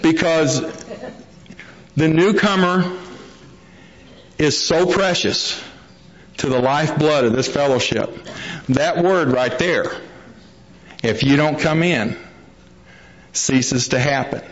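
A man's voice: on the high side, slow pace, pauses often. A man telling his recovery story to a meeting, a folksy storyteller who acts out the quotes. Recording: dull lo-fi recording.

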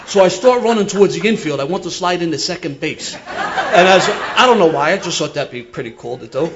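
A man's voice: fairly high pitch, brisk, highs cut off, background noise. Older Philly man spinning a yarn. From Philadelphia. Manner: animated, laughing through his own tale. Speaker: storyteller guest. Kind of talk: casual storytelling.

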